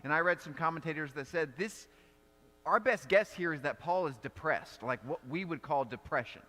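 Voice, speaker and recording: A man's voice: fairly high pitch, moderate pace, bright, forceful tone. Earnest preacher man in a reverberant hall. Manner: conversational, earnest, many restarts and "like". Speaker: pastor. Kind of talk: sermon.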